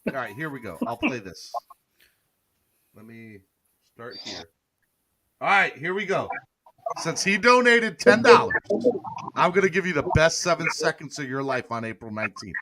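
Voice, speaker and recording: A man's voice: medium pitch, sing-song, normal speed, pauses often, a crowd in the background. A man hosting a casual sports podcast livestream, playful and hyping up his audience. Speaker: podcast host.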